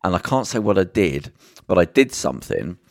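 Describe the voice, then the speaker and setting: Deep gravelly man telling a story. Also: brisk, no room sound, clean studio sound. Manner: swearing, animated storytelling. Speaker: podcast guest. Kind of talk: casual chat.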